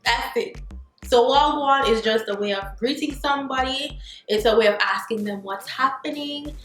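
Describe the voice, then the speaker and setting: A chatty, expressive Jamaican woman explains things straight to camera, her voice sitting a little high. Her talk bounces around a roomy, echoey space, with soft music playing underneath. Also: moderate pace. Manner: expressive, chatty, slips into patois phrases. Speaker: vlogger. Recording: roomy echo, faint music bed.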